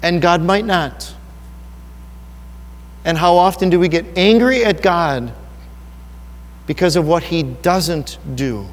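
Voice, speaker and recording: A man's voice: high voice, slow pace, pauses often. A man preaching a sermon in an earnest, personal, conversational way, asking his listeners rhetorical questions. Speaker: pastor. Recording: long hall reverb.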